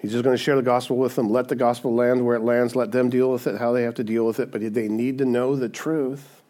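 A man's voice: mid-range voice, brisk. A man preaching a sermon as pastor, casual and conversational, often asking "right?" and acting out quoted voices. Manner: conversational, frequent "right?" tag questions; animated, acts out quoted voices.

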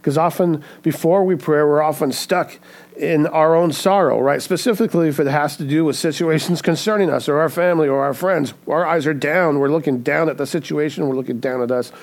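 A man's voice: on the high side, a little fast. Earnest man preaching a sermon. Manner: earnest preaching, often asks "right?". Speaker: pastor.

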